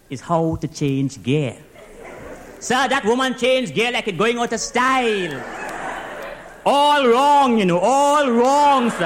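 A man with a Trinidadian accent and a fairly high voice tells a comic story as a driving instructor talking to his boss on the phone. He speaks in dialect, tumbles excitedly from one disaster to the next, and tacks a polite "sir" onto nearly every phrase. A faint noise hum sits behind him. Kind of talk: comic monologue as one side of a phone call.

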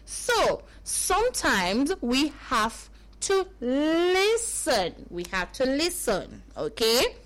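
A woman tells a Bible story to children in a high, bouncing voice that rises and falls widely. She takes her time and often repeats a phrase to make it sink in. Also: wildly swooping pitch, very slow, a bit bright, low-quality recording.

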